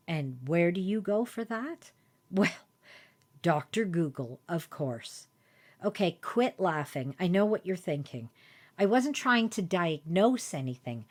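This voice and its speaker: A woman hosting a podcast, telling a personal story in a chatty, self-deprecating way. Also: on the low side. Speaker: podcast host.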